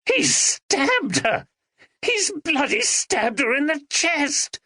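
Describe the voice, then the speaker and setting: A man's voice: high-pitched, lively intonation, normal speed, a bit bright, no room sound, studio quality, pitched above the performer's own voice. A man voicing a young man who takes charge in a crisis in an audiobook, urgent and commanding.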